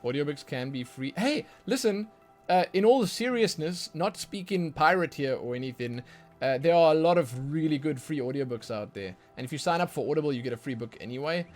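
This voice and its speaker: A man livestreaming a game and chatting casually with his viewers, rambling, repeating words as he goes, with sudden bursts of excitement. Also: on the high side, brisk, faint music behind. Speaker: livestreaming gamer.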